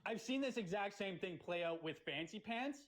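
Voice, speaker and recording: A man's voice: sits high, animated, normal speed, low-quality recording. A man hosting a livestream who rants angrily and swears through a heated argument. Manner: angry, swearing, ranting. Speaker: livestream host.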